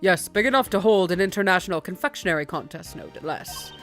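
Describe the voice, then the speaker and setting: A woman doing a low, formal game prosecutor. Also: lively intonation, fairly bright tone, faint music behind. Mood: dry. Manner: measured, formal delivery. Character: cool, formal male prosecutor, composed and polite.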